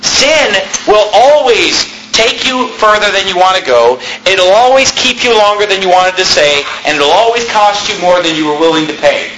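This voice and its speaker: A man preaching a sermon as the pastor, raising his voice and shouting as he preaches. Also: high voice, expressive, normal speed, few pauses, roomy sound, noisy background.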